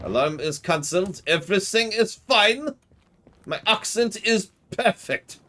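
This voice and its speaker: A man putting on a cartoonish German guard, with a deliberately terrible Hollywood German accent. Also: high voice, very animated, bright, forceful tone, slight background noise, pitched above the performer's own voice, exaggerated voice. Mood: hammy.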